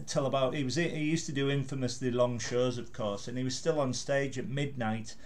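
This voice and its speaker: A man's voice: medium pitch, fairly even intonation, fairly quick, a crowd in the background. A middle-aged man hosting a podcast interview, telling anecdotes and laughing easily. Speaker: podcast host. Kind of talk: casual interview chat.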